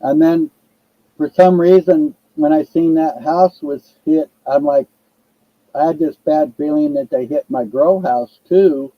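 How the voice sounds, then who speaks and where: A man's voice: on the high side, a little slow, dry recording, muffled recording. An older man telling a long casual story, profane and rambling. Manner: profane, rambling, laid-back.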